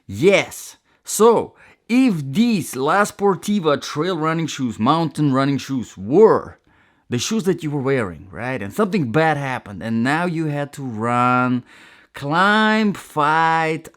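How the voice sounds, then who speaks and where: A man's voice: medium pitch, a bit bright. A man hosting a casual product review, chatty and enthusiastic, with rambling asides. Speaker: gear reviewer.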